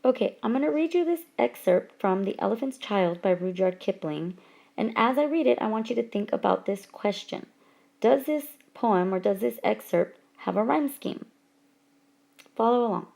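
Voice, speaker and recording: A woman teacher talks through a whiteboard lesson at a careful, deliberate pace, drawing out the example words for her students. Her voice sits in a middle pitch with a gravelly, fry-tinged texture. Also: lively intonation, darkish tone. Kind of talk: recorded classroom lesson. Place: voice-over for whiteboard slides.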